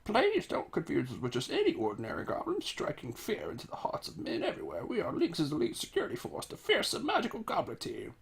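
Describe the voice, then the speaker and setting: A man voicing a boastful male goblin boss in a video game read-through, drawling the lines slowly over game music. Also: sits high, huge pitch swings, vocal fry, slightly rough, pitched above the performer's own voice, exaggerated voice. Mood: menacing.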